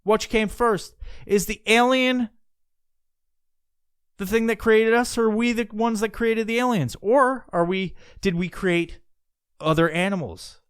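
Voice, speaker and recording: A man's voice: mid-range voice, fairly bright tone, clear, resonant tone, no room sound, studio quality. A man hosting a podcast, rambling casually in profane talk with many restarts. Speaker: podcast host.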